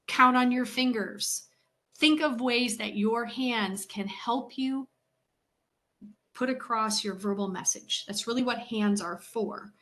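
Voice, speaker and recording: A woman communication coach presenting to a meeting, speaking in a measured, deliberate way and walking through her points one by one with clear emphasis and pauses. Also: a little high, pushed and bright. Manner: instructive, lists points one by one. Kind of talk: professional talk to a meeting.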